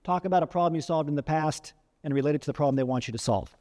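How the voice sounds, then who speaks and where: Racing along in a fairly high, mellow voice, a career coach speaks to camera in a big-sounding room. He's casual, full of "right?" asides and restarts, and demonstrates vocal techniques by varying emphasis and volume.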